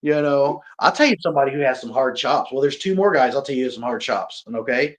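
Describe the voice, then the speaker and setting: A man, a pro wrestler talking casually as an interview guest, animated and self-mocking, often laughing and restarting his sentences. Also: mid-range voice, fast talker. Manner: frequent repeats and restarts.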